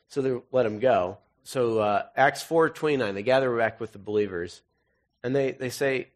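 A man's voice: mid-range voice, expressive, normal speed. Male pastor, easygoing joking sermon, mid-range voice, reads scripture then riffs casually. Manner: jokey, conversational asides between readings.

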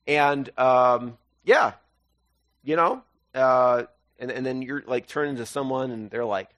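A man preaching a sermon, reading scripture and retelling it as a lively story, acting out the voices. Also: medium pitch, a little slow, dry recording. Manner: animated storytelling, acts out voices. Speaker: pastor.

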